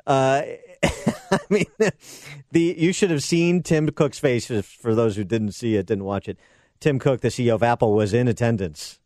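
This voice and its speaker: A man's voice: medium pitch, brisk, mellow, dry recording. A man hosting a political talk radio show, delivering sarcastic and combative commentary into a studio microphone.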